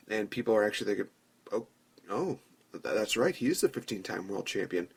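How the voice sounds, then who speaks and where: A man's voice: fairly low pitch, expressive, fairly quick, vocal fry, slightly rough. A man hosting a podcast, telling a long story in a chatty way and acting out imagined dialogue. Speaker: podcast host. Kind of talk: casual fantasy-booking commentary.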